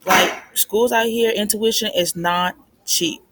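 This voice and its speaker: Over a phone recording with background noise, a young woman gives money advice in a casual, unscripted monologue. Her medium-pitched voice is steady and slow, and she's chatty, repeating points and using lots of "like" and "I mean."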